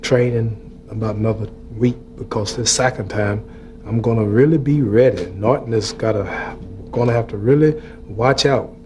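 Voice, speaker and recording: A man's voice: mid-range voice, fairly even intonation, normal speed, a little mellow. A man appearing as a talk show guest, bragging and joking playfully. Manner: boastful, joking. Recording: hissy old TV broadcast.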